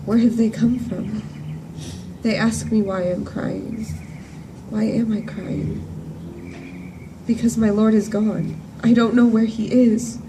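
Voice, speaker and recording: A woman in a church performing a monologue as a grief-stricken woman disciple at the empty tomb. She speaks earnestly and in measured phrases, with emphatic repetitions. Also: fairly high pitch, fairly even intonation, noisy background. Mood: wondering. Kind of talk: dramatic first-person monologue. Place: church service at sunrise. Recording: distant voice with faint room ambience.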